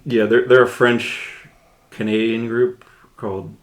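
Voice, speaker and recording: A man's voice: medium pitch, flat delivery, slow, low-quality recording. A man hosting a casual podcast chat, talking in loose, trailing phrases. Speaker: podcast host.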